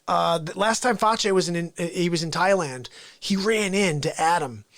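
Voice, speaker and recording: A man's voice: moderate pace, fairly bright tone. A man hosting a live show, telling an improvised comic story in a rambling, playful way. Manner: rambling, playful, with sudden jumps in pitch. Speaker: host.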